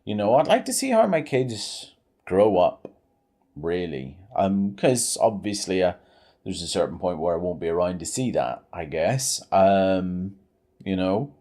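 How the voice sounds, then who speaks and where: A man's voice: big pitch swings, a little slow, mellow. A man in his thirties chatting on a live game stream, rambling with many fillers and restarts. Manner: pitch swings widely.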